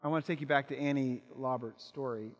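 A man's voice: medium pitch, steady tone, brisk, in a large hall. A male pastor preaching an impassioned sermon, asking rhetorical questions and repeating words as he builds.

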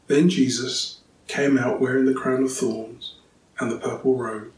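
A man reading scripture aloud and then preaching on it in a steady, clear way. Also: medium pitch, normal speed, a little hiss or hum. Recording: roomy, distant, faint ambience.

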